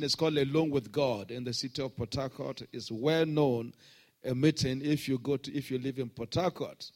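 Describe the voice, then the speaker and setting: A middle-aged man preaching a sermon, swinging between shouted proclamations and hushed storytelling. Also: medium pitch, a little fast. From Nigeria. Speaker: pastor.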